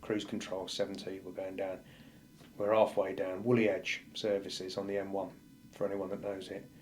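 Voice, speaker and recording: Low-pitched and darkish, with little pitch movement, a firefighter talks at normal speed on a podcast, bluntly and vividly retelling a painful personal story and acting out the dialogue. Slight background noise can be heard.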